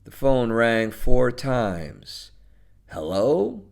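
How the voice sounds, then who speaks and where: A man narrating a short story in a slow and expressive manner. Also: fairly low pitch, vocal fry.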